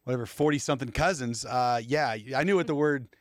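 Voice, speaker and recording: A man's voice: mid-range voice, a little fast, no room sound. Male podcast co-host with an easygoing manner, dry recording. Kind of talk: casual chat.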